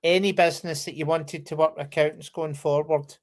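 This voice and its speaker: A man's voice: on the high side, fairly even intonation, brisk. A middle-aged man speaking as a guest in a live-stream interview, hesitant and searching, often restarting his questions. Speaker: guest, company chief executive.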